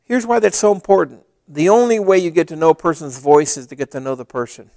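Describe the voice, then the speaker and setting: Male pastor, high voice with a lot of lift, dry close sound; storytelling sermon that builds to emphatic preaching. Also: fast talker, vocal fry, a little mellow, dry recording.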